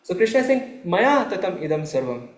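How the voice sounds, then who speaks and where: High-voiced man teaching in an echoey room. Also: very animated. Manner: explains slowly, checks understanding, laughs lightly. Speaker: spiritual teacher. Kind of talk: lecture on scripture.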